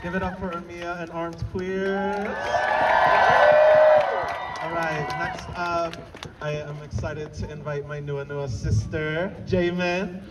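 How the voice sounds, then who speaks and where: A man's voice: fairly high pitch, little pitch movement, slow pace, over loud music. A man emceeing a rally, introducing speakers and hyping up the crowd. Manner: upbeat, hypes up the crowd. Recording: distant outdoor recording with loud crowd. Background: loud crowd.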